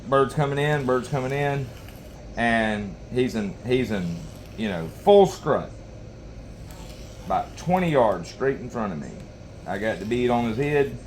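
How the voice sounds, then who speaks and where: A man with a drawl spins a hunting yarn in casual, meandering fashion, circling back and restarting his sentences. His voice sits at an ordinary middle pitch. A faint noise runs underneath the recording. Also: lively intonation, measured pace, gravelly, darkish tone. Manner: rambling, folksy, lots of you-knows and restarts. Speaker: knife sharpening channel host. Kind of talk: casual storytelling while sharpening.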